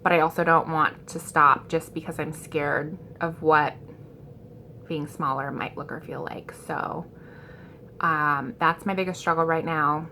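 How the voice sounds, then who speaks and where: A woman's voice: sits low, steady tone, a little slow, pushed and bright, a little hiss or hum. A woman in her thirties talking casually in a rambling, self-deprecating vlog, full of ums and likes, and scatterbrained by her own account. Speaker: vlogger.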